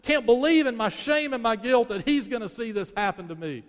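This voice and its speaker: A man's voice: extremely high pitch, brisk, voice pushed up. Man putting on a shamed, pleading woman. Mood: anguished. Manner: pleading, anguished, rising to a cry. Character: shamed, guilt-ridden woman expecting punishment. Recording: long reverb of a large hall.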